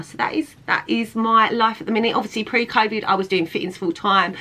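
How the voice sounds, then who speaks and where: A young woman chats casually to camera, filling her sentences with "like" and circling back to restart her thoughts. Her tone is bright and forward, sitting at an ordinary middle pitch. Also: a little fast, few pauses, low-quality recording. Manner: chatty, filler-heavy, with frequent "like" and restarts. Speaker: fittings model and vlogger. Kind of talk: casual talking-head vlog.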